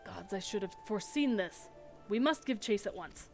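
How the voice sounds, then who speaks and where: A game's earnest, anxious nobleman who breeds chocobos speaks in stiff, old-fashioned phrasing, as a woman reads his lines. His voice sits at a middle pitch. Soft music plays underneath. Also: expressive, moderate pace, lightly acted. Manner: formal old-fashioned speech.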